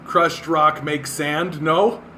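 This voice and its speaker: A man's voice: a little high, steady tone, very slow, bright, forceful tone, slight background noise. A man from Canada hosting a livestream, ranting in exasperated disbelief, swearing and laughing at what he reads. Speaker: livestream host.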